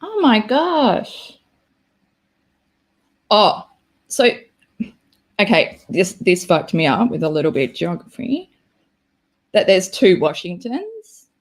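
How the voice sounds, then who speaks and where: A woman's voice: on the low side, big pitch swings, measured pace, pauses often. A young Australian woman hosting a casual livestream, chatty and self-deprecating as she reacts to her chat. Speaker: livestream host.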